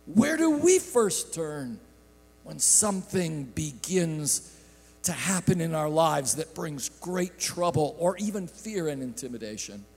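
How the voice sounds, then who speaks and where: A man preaching a sermon from a church sanctuary, swinging between bursts of shouting and hushed, drawn-out phrases. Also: fairly high pitch, sing-song, vocal fry, husky. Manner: impassioned preaching with sudden shouts and hushed drops; slow, drawn-out delivery. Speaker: pastor. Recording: echoey sanctuary with long reverb.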